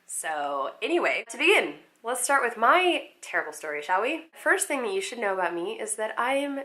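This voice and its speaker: A young adult woman telling a story in a casual vlog, chatty and self-mocking, jumping into high playful voices when she quotes people. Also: big pitch swings, normal speed, sharp tone. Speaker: actress and vlogger.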